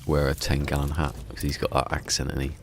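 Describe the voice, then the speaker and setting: Gravelly deep-voiced English man. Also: flat delivery, fast talker, slight background noise. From England. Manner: rambling, restarts sentences, swears casually. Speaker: game streamer. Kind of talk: casual live-stream chat.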